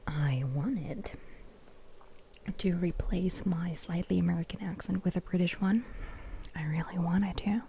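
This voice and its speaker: A woman's voice: fairly low pitch, unhurried, vocal fry, pauses often, mellow. A German woman whose first language is German, hosting a rambling, giggly whispered ASMR chat. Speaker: ASMR host.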